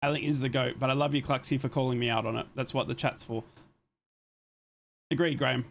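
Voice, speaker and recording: A man streams a live football watchalong in a loose, conversational way. He switches between calling the action on the pitch and answering viewers' comments, and he is quick to apologize when he thinks he has been too blunt. His voice sits at an ordinary middle pitch for a man. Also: steady tone, gravelly. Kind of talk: casual live match commentary and chat.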